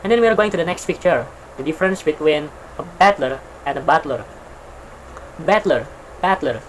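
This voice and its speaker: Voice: mid-range voice, lively intonation, fast, slight background noise, low-quality recording. A teacher giving a recorded English pronunciation lesson, repeating each word and explaining it with simple example sentences.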